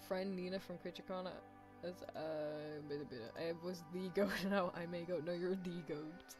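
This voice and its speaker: A woman's voice: on the low side, fairly even intonation, moderate pace, hardly any pauses, over music. A British woman streaming a story game, chatting and laughing with her chat and reading the text aloud. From Britain. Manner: chatty, giggly, talks to chat.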